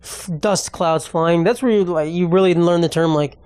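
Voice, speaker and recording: A young man talks on his own comedy podcast in a loose, rambling monologue, tossing out profanity with offhand ease. His voice sits a touch high for a man, and the close mic keeps it dry with no room sound. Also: steady tone, quick pace, hardly any pauses, darkish tone, no room sound. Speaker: podcast host.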